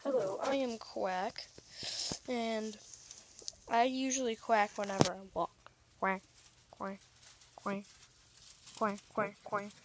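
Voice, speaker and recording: A woman's voice: fairly high pitch, slow pace, pauses often, noisy background. A woman voicing a playful duck plush toy that keeps saying quack. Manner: repeats quacking sounds.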